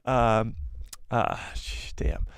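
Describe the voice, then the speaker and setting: A man hosting a casual live stream, animated and self-deprecating, who laughs often. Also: mid-range voice, extremely slow, creaky, clear, resonant tone, no room sound, clean studio sound. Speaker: livestream host.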